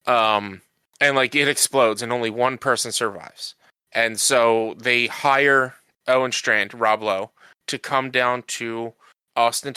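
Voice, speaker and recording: A man's voice: mid-range voice, pushed and bright, clear, resonant tone, dry recording. A man co-hosting a podcast, rambling through a TV recap with lots of fillers and restarts. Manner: rambling recap with many fillers and restarts, acting out quoted lines. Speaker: podcast co-host. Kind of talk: casual chat.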